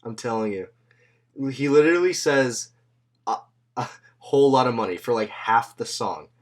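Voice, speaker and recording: A man's voice: mid-range voice, lively intonation, normal speed. A man hosting a podcast in loose, slangy casual chat, swearing freely and laughing often. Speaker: podcast host.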